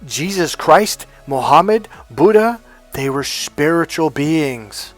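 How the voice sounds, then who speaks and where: A middle-aged self-help coach speaks slowly in a slightly high, expressive voice, with soft music in the background. His spontaneous monologue is emphatic and full of stories, and he acts out the quoted dialogue.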